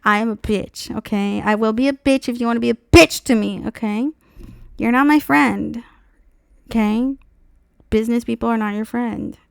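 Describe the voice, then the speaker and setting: A young woman streamer telling a dealership story in a casual, profane rant, acting out the people she quotes in loud high voices. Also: normal speed, creaky, clear, resonant tone, no echo, clean studio sound.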